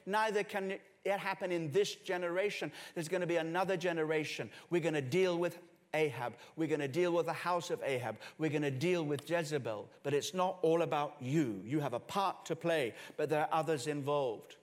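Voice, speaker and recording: Preaching man in a reverberant hall. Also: moderate pace. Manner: swings between hushed low passages and raised emphatic ones. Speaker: pastor. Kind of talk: sermon. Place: church hall with congregation and musicians. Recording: long reverb of a church hall.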